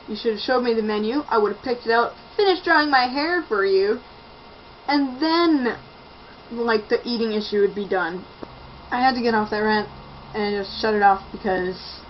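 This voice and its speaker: A woman's voice: medium pitch, normal speed, long pauses. A young woman casually reviewing a book on her vlog, sarcastic and ranting, mocking the lines she reads out. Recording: dull lo-fi home video with faint noise.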